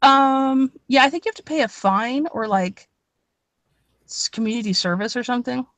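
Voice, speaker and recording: A woman's voice: a little high, moderate pace, a bit bright, no echo. Young woman, rambling storyteller, swears a lot, dry close mic. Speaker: podcast co-host. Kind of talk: casual storytelling chat.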